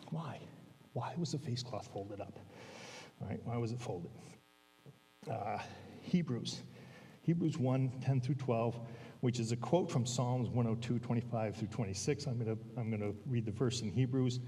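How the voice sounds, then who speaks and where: Male preacher, relaxed conversational sermon, mellow tone, reverberant sanctuary. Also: medium pitch. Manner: conversational, frequent "all right?" check-ins; slows down for emphasis. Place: church sanctuary. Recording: long reverb of a church hall.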